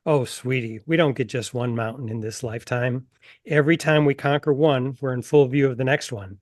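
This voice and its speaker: Male author voicing wise, gentle woman mentor, slow and soft, dry close sound. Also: mid-range voice, dry recording, natural voice. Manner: slow, soft, deliberate reading.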